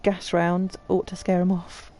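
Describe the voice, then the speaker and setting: A woman voicing a gruff, rough-spoken male foreman in a put-on Cockney accent, blunt and full of coarse slang. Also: fairly low pitch, completely flat delivery, a little slow, warm tone, faint music behind, natural voice.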